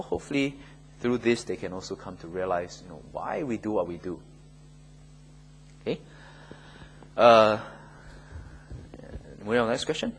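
A man answers questions in a Bible class, his voice somewhat husky and breathy. He talks in a loose, conversational way at an ordinary pitch, often tagging his points with "okay?" or "right?". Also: poor audio.

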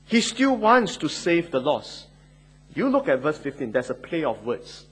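A man with a somewhat high, husky voice preaches a sermon. He is emphatic and repeats key phrases. He checks in with his listeners by asking "Okay?". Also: big pitch swings, measured pace. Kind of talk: expository sermon.

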